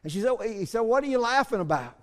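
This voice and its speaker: High-voiced preaching man in a reverberant hall. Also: very animated, fast talker. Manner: preaching, swings from soft asides to shouts. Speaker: pastor. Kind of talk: sermon.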